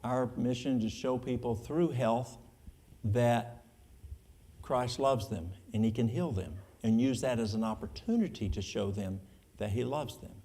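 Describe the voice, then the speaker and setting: Folksy Appalachian man with gravelly voice. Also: medium pitch, a little slow, dark tone. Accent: East Tennessee Appalachian. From East Tennessee. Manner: folksy, plain-spoken, drawling with colloquial speech. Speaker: church elder. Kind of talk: answering audience questions in church.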